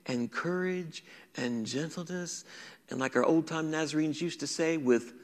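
A man preaching, his voice sitting somewhat high for a man. He swings from raised, emphatic lines down to hushed near-whispers, and a long reverb trails each phrase. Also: a little slow. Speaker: pastor. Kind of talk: sermon.

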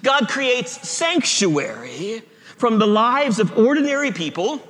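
A male pastor preaching a sermon, emphatic, stretching key words with slow pauses and slipping in self-deprecating humor. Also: high-pitched, bright, forceful tone. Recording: echoey hall reverb.

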